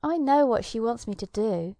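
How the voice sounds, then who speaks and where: A woman's voice: fairly high pitch, lively intonation, moderate pace, mellow, no echo, studio quality. Woman doing a whining young boy water-baby. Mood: doleful. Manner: whining, doleful.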